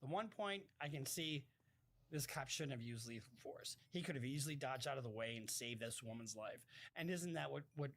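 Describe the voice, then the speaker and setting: Brisk and animated, a medium-pitched male voice with a slightly bright edge reads out viewer messages during casual live-stream commentary. He's blunt, swears freely, and keeps stopping mid-sentence to start again.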